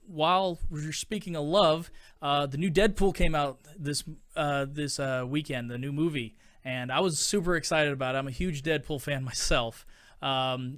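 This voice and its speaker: A man's voice: mid-range voice, fairly bright tone, clean tone. A man in his thirties, a podcast host, ranting casually in an emphatic, exasperated way, with many fillers. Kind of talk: casual opinion rant.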